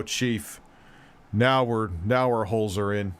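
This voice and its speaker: A man with a sick, roughening voice, chatting casually and loosely while hosting a live game stream, swearing now and then. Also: fairly low pitch, fairly even intonation, slow.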